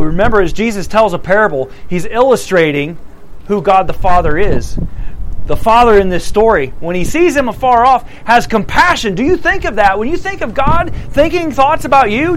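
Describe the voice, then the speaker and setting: A man preaching a sermon, retelling a parable with animated delivery and acting out the characters' lines. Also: very high-pitched, slight background noise, poor audio.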